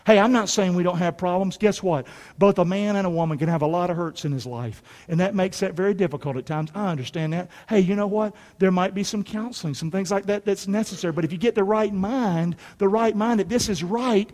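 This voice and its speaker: This middle-aged pastor's high-pitched voice has a darkish tone and a brisk pace. He preaches a folksy, emphatic sermon in a church sanctuary full of long hall reverb, getting the congregation to call and respond.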